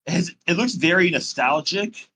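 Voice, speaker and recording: A man's voice: on the high side, lively intonation, a little slow, sharp tone, slight background noise, rough recording. A man co-hosting a casual podcast, hesitant and enthusiastic, often repeating words. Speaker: podcast co-host. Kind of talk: casual chat.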